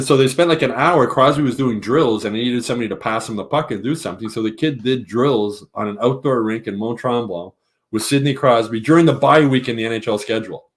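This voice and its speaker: A man with a Canadian accent, a hockey columnist guest, telling anecdotes in casual chat and acting out the quotes. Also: medium pitch. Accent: Canadian English. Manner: animated anecdote teller, acts out quotes.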